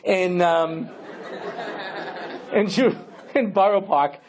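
A man's voice: high-pitched, takes it slowly, a faint crowd. A man, a rabbi, giving a humorous lecture, telling stories with lots of conversational asides. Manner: storytelling with lots of you-know asides.

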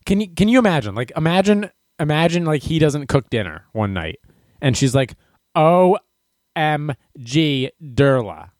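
A man hosts a comedic news commentary, ranting and sarcastic as he works himself up. His pitch swings widely with lively animation. The recording is dry and close, with no room sound. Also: fairly quick, no room sound. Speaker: host of a news commentary show.

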